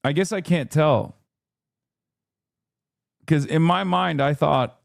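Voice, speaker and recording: A man's voice: on the high side, takes it slowly, gravelly, pauses often, no echo, clean studio sound. A man hosting a live stream, joking and bantering with his chat in casual talk. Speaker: streamer host.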